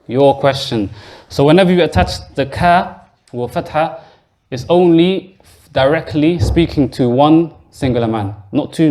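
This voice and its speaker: A man teaches a grammar class in a mosque classroom, his voice sitting at an ordinary middle pitch. He explains patiently step by step, repeats each word, and turns to quiz his students as he goes. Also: darkish tone. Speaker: Arabic teacher.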